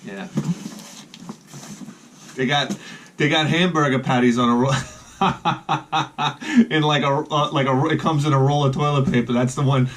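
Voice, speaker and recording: A man's voice: fairly high pitch, steady tone, measured pace, long pauses, a bit bright, a little hiss or hum. Rambling middle-aged man telling stories. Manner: rambling, restarts sentences, chuckles at own jokes. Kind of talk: rambling casual storytelling.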